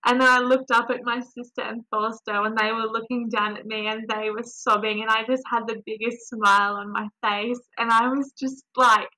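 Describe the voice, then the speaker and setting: A young woman with a bright, ringing voice pitched a little high tells a personal story on a podcast. She talks casually and warmly, with animated, heartfelt emotion. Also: normal speed, hardly any pauses, low-quality recording. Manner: warm, animated, emotional storytelling with frequent laughs. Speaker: podcast guest. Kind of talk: casual birth story telling.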